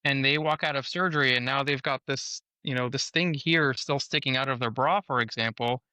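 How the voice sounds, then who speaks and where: A man's voice: medium pitch, fairly even intonation, brisk, sharp tone, smooth, no echo. A man, a surgeon guest on a podcast, explaining things in a patient, educational way.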